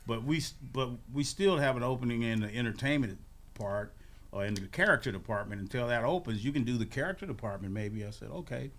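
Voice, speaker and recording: Guy in his 60s telling stories on a radio show, super lively voice all over the place, bright tone. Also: mid-range voice, fast. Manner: animated, laughing, acts out voices in his stories. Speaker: guest. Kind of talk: casual storytelling on a radio show.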